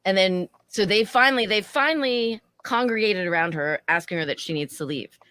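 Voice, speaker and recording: A woman's voice: fairly quick, clear, resonant tone. A woman co-hosting a podcast, telling a bar story casually and acting out the people in it with big jumps in her voice. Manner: animated, acts out quoted people with big pitch jumps. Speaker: podcast co-host.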